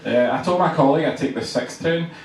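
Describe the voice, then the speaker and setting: A young man with a Glaswegian Scottish accent, performing a quick, punchy stand-up routine on a club stage. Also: a little high. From Scotland. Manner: quick, punchy delivery with comic voices. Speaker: stand-up comedian. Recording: roomy club sound from far off, audience noise.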